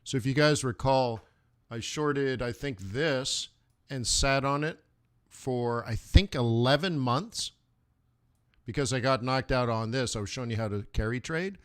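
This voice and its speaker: A man's voice: medium pitch, measured pace, fairly bright tone, clean tone. Casual, rambling male trading host. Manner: rambling, joking, many fillers. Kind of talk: casual live trading commentary.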